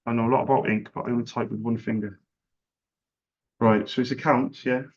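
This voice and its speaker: A man's voice: mid-range voice, fairly even intonation, a little fast, darkish tone. A man who runs a small business, chatting casually and making a sales call, earnest and repeating himself as he talks. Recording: dull lo-fi recording.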